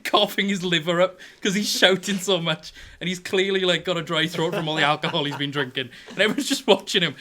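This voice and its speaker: A young man narrating a tabletop game as game master, animated and laughing often between his descriptions. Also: high-pitched.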